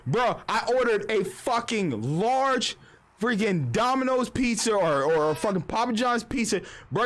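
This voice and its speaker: A young male streamer rants bluntly on a casual livestream, swearing a lot and talking fast. His voice is high-pitched and a bit bright.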